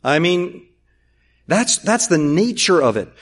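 A man preaching a sermon, emphatic and repetitive, full of rhetorical questions, swinging between loud and hushed. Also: sits high, very animated, takes it slowly. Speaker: pastor.

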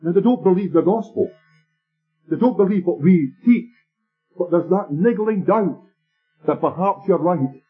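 A man with a somewhat high, husky voice delivers a sermon, telling stories in a measured, emphatic way. The recording is tinny and lo-fi, like an old sermon tape, with faint music underneath. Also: lively intonation. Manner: storytelling preacher, measured and emphatic. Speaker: preacher.

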